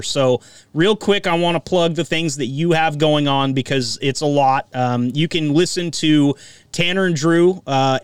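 Self-deprecating podcast host, smooth voice. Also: male voice, fairly high pitch, dry recording, distant mic. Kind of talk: casual chat. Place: Eugene, Oregon.

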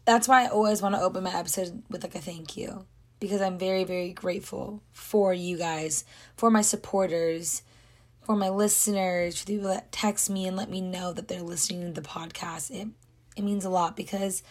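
Hoarse young woman, earnest podcast chatter. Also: medium pitch. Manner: earnest, rambling, lots of "like". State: hoarse, voice nearly gone. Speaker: podcast host. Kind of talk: casual solo podcast talk.

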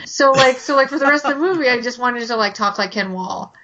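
A woman's voice: on the high side, brisk, dull audio, background noise. A woman co-hosting a podcast in casual chat about TV movies, talking loosely with many fillers. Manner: chatty, with many "like" fillers and laughs. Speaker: podcast co-host.

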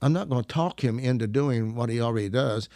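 A man's voice: medium pitch, fairly quick, no room sound. A man casually telling a story, acting out the people in it and laughing often. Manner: animated, acts out quoted voices, laughs often. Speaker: guest storyteller.

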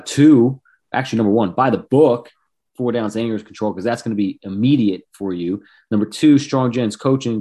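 Male podcast host, lower voice, relaxed recap-and-pitch delivery. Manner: recaps points and pitches the program. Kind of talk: casual podcast interview.

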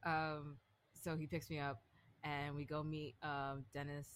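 A woman in her twenties co-hosting a podcast, telling a story in casual chat, animated and full of fillers, swearing freely. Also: low voice, a little slow. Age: 20s. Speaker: podcast co-host.

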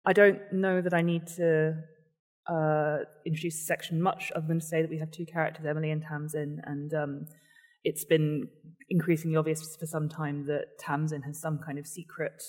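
A woman's voice: low-pitched, flat delivery, normal speed, a little mellow. Earnest woman discussing a novel. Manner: earnest, thoughtful. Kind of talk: casual discussion and reading aloud.

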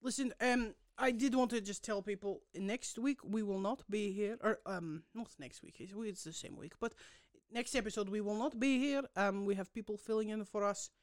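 A woman co-hosting a podcast in casual chat, tossing in joking quips and quick interjections. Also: medium pitch, no echo, clean studio sound. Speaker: podcast co-host.

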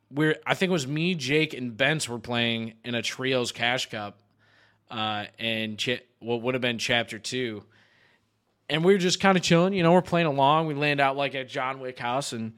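A young man in casual podcast chat, an animated storyteller who swears often and laughs mid-sentence. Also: fairly high pitch. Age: young adult. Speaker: podcast host.

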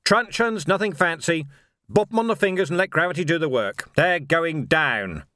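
Tough watch boss yelling orders, a man reading it, loud and lively, dry sound. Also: fairly high pitch, moderate pace, dry recording, pitched above the performer's own voice. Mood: barking orders. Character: tough middle-aged male watch commander shouting in battle.

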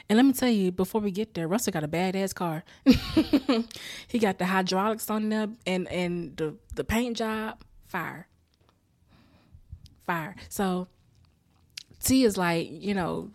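A woman's voice: mid-range voice, slow pace, pauses often, a little mellow, no room sound, clean studio sound. A woman in casual chat recapping a TV episode, laughing often and acting out the characters' lines. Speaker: show recapper.

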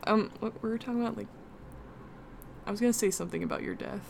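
A woman's voice: on the high side, fast, vocal fry, a little mellow, a little hiss or hum. A young woman cohosting a podcast in casual chat, rambling and giggly with lots of "like".

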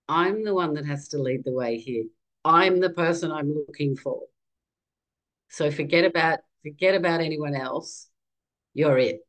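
An Australian woman in her fifties, a podcast guest telling her own story in a candid, animated conversational way. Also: sits low, poor audio. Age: 50s.

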